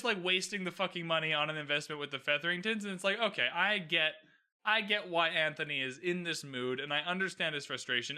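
Brief: a male recapper with a high, bright voice and lively pitch swings, ranting hard with plenty of swearing. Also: clean tone. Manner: swearing, emphatic, opinionated ranting. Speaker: TV recap host. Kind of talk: casual recap commentary.

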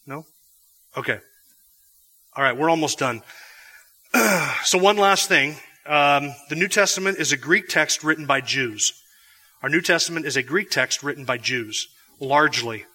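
A man's voice: on the high side, measured pace, pauses often, sharp tone. A man teaching a Bible class in a classroom or church hall, explaining patiently with frequent restarts. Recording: long hall reverb.

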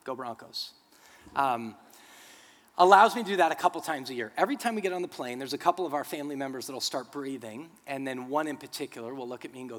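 A man preaching a sermon as a pastor. He teaches earnestly, tells humorous stories and builds to loud, emphatic bursts. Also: medium pitch, fast talker. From United States. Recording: long reverb of a large hall.

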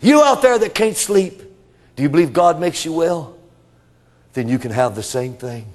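A man preaching a revival sermon, swinging between shouting and hushed whispers. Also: on the high side, lively intonation, moderate pace, long reverb tail. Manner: addresses congregation members as brother. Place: church.

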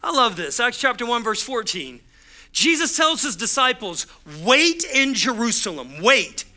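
A man's voice: extremely high pitch, big pitch swings, measured pace, pushed and bright. A man preaching a sermon as pastor, driving home points with punchy repeated phrases and acting out the voices in his stories.

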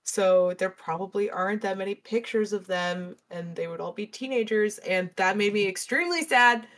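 A woman's voice: medium pitch, normal speed, a bit bright. A young woman co-hosting a casual book podcast, earnest and emotional, with some casual swearing. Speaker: podcast co-host.

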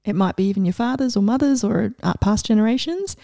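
A middle-aged woman coach giving a casual, enthusiastic inspirational talk, animated and laughing often. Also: medium pitch, quick pace, gravelly, no echo, clean studio sound.

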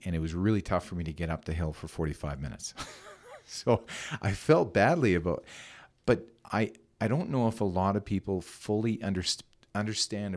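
A man hosting a podcast, asking questions and telling stories in a loose, rambling way. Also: deep voice. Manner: rambling storyteller, loose and conversational. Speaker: podcast host. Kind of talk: casual interview talk.

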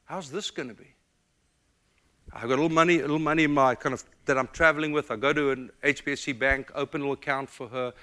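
A middle-aged man from the United States preaches in an animated storytelling style. His voice is bright and forceful at an average pitch. He pours feeling into every story. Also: clean tone. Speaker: pastor. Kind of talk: storytelling sermon.

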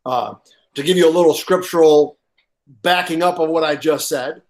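A man preaching a sermon as pastor, stressing points with pauses for effect, repeating key lines and often filling gaps with "uh". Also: on the high side. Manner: halting with frequent uh fillers.

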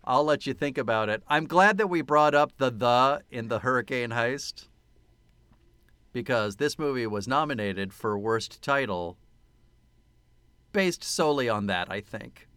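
A man co-hosting a movie podcast in loose, sarcastic banter. His bright voice swings widely in pitch and sounds close and dry on the mic. He swears freely and laughs at his own jokes. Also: animated, a little slow, clean tone, no echo. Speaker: podcast co-host. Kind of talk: casual movie-review banter.

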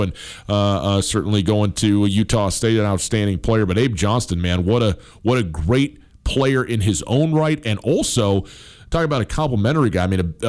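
A man's voice: on the low side, darkish tone. A middle-aged man hosting a sports talk show, rambling with fillers and restarts, a bit stuffed up from allergies.

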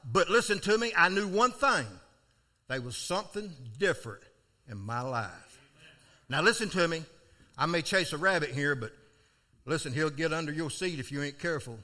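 An older preacher with a high, bright, ringing voice. His pitch swings widely as he spins a folksy story from the pulpit, breaking into sudden loud cries. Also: lively intonation, normal speed. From South Florida. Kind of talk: storytelling sermon.

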